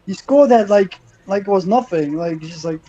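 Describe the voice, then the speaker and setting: A man from the Netherlands, chatting excitedly about football on a live stream, peppering his talk with "like". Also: high-pitched, normal speed, highs cut off. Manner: excitable, uses "like" a lot. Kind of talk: casual live-stream chat.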